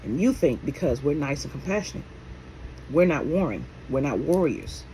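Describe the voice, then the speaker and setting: Lively, blunt spiritual vlogger. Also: mid-range voice, normal speed, slight background noise, rough recording. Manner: emphatic and blunt, swears, asks rhetorical questions; calls the audience endearments like baby and my love. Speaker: spiritual minister and healer. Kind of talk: casual spiritual talk to camera.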